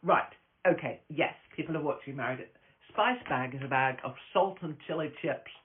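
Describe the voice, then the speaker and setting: A woman's voice: sits low, moderate pace. A woman hosting a casual live stream from her phone, brash and profane, rambling from story to story and laughing often. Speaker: host of a live stream, stand-up comic. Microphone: phone camera. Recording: tinny phone-quality audio.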